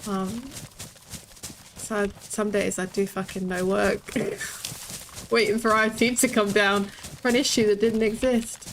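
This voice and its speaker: A woman's voice: mid-range voice, steady tone, takes it slowly, long pauses, a little hiss or hum. A British woman in her thirties, chatting casually while streaming a game, swearing freely and laughing often. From Britain. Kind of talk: casual gaming stream chat.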